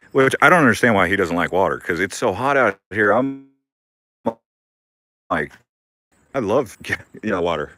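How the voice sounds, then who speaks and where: A man's voice: low-pitched, a bit bright, dry recording. A young man hosting a casual live-stream Q&A from his backyard garden, rambling and laughing often. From Arizona.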